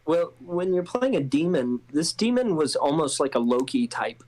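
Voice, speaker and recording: A man's voice: on the high side, big pitch swings, moderate pace, a little mellow, poor audio. A man, an actor guest on a casual interview, talking hesitantly with many restarts and a self-mocking humor.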